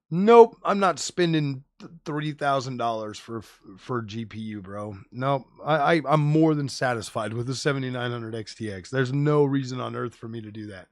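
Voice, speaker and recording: A man ranting on a live stream, animated and profane, full of slang like "bro" and "dude.". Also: medium pitch, normal speed, dry recording, clean studio sound. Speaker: tech streamer host. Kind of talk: casual live-stream rant.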